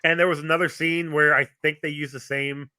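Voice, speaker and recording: A man's voice: on the high side, level tone, a little fast, bright, forceful tone, clear, resonant tone, no room sound. A man co-hosting a podcast, chatting casually and rambling with many restarts and fillers. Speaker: podcast co-host. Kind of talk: casual chat.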